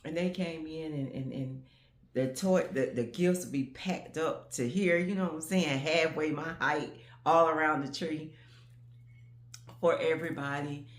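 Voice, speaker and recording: A woman's voice: sits low, a little slow. Reflective grandmother chatting to camera. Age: 50s. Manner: rambling, reflective, many fillers and asides; grandmother musing on changing times. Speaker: vlogger. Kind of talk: casual chat to camera.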